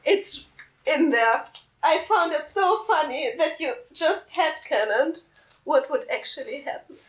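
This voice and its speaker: A woman co-hosting a casual podcast, speaking slowly and teasing with giggles. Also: high-pitched, expressive, echoey room. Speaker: podcast co-host and writer. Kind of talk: casual chat and group reading.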